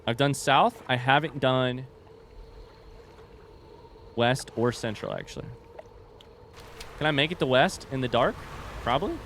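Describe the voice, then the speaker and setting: A man's voice: medium pitch, big pitch swings, a little slow, long pauses, fairly bright tone, slight background noise. A man streaming a game live, chatting casually and rambling to his viewers. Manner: rambling, chatty, addresses chat directly. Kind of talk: casual livestream chat while gaming.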